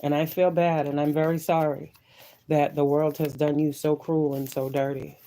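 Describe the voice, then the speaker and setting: A woman's voice: deep voice, little pitch movement, moderate pace, mellow, a little hiss or hum, low-quality recording. Emotional woman giving tarot reading. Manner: emotional, preachy, repetitive affirmations, swears. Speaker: tarot reader.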